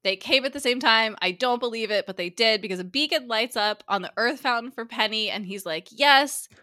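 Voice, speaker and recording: A woman co-hosting a casual podcast recap, chatty and swearing freely as she quotes characters in quick asides. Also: fairly high pitch, bright, forceful tone, dry recording, studio quality. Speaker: guest co-host.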